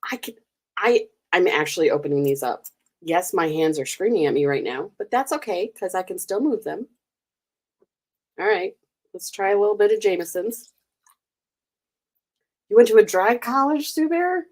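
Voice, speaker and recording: A woman's voice: mid-range voice, animated, normal speed, pauses often, darkish tone. Giggly chatty American woman streamer. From United States. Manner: chatty, giggly, teasing the chat. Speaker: livestream host. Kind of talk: casual chat with live viewers.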